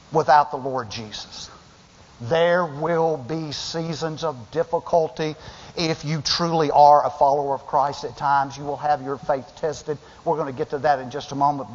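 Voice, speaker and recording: A male pastor preaching a sermon with passion, stumbling over restarts and acting out the voices of people in the story. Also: fairly high pitch. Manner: impassioned, acts out quoted voices, stammering restarts. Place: church sanctuary. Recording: dull sound in a long-reverb sanctuary.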